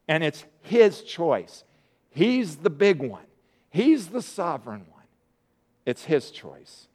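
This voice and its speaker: A middle-aged male preacher with a notably high voice delivers a sermon. He talks in a plain, conversational manner and leans on repeated words for emphasis. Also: sing-song, slow, pauses often, darkish tone.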